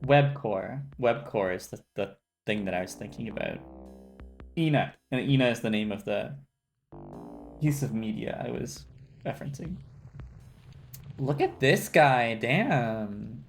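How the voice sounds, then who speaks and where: A man's voice: on the low side, moderate pace, creaky, a little mellow, faint music behind. A man casually commenting on a game during a live stream, amused and swearing freely.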